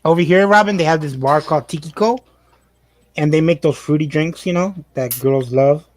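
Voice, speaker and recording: A man's voice: a little high, normal speed, no echo. A man chatting on a group show, joking and laid-back. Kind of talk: casual chat.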